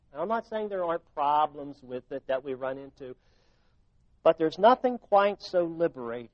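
A man preaching a sermon, sinking to hushed tones and then rising to loud, emphatic passages. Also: sits high, no room sound, lo-fi sound. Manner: dynamic preaching, drops to near-whispers and rises to loud emphasis. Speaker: pastor.

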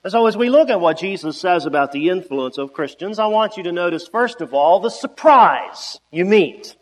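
A man's voice: high voice, expressive, moderate pace, in a large hall, poor audio. A man preaching a sermon, stressing key words with sudden rises and stretching out his phrases.

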